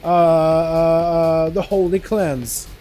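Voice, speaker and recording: A man putting on a cheesy male TV infomercial pitchman, salesy and stalling over his words. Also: little pitch movement, slow, dark tone, a little hiss or hum.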